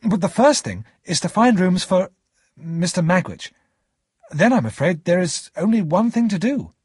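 A man's voice: on the high side, huge pitch swings, moderate pace, a little mellow, breathy edge, dry recording, clean studio sound, pitched above the performer's own voice, heavily acted. A man voicing an eager young friend. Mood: earnest. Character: cheerful young male friend, warm and earnest.

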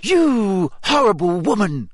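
A man reading a story aloud, voicing a fierce, clever teenage schoolgirl in a high, indignant, sharp voice. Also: big pitch swings, normal speed, dry recording, clean studio sound, exaggerated voice. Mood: furious.

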